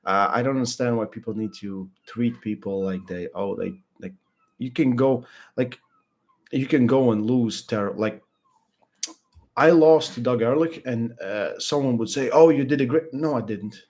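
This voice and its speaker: A young man chatting casually about arm wrestling, blunt and halting, full of restarts and fillers. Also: mid-range voice, darkish tone. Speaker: arm wrestling podcast regular. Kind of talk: casual chat.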